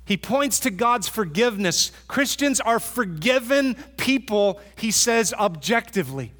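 Male pastor, high voice, earnest sermon delivery, long reverb from the sanctuary. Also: animated, a bit bright. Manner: earnest, repeats for emphasis, with pauses and restarts.

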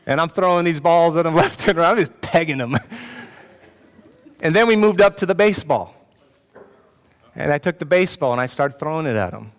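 A man's voice: fairly high pitch, animated, brisk, pauses often. A man giving a sermon as pastor, telling a personal story in a self-mocking way and joking with the congregation. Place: church hall with an audience. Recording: long hall reverb.

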